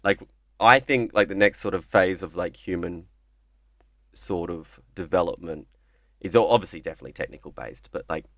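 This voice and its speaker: A man holds forth in casual podcast chat, rambling from one idea to the next and peppering it with profanity. His voice sits low, recorded close and dry with no room sound. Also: no echo. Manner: rambling, profane, acts out voices in quick asides.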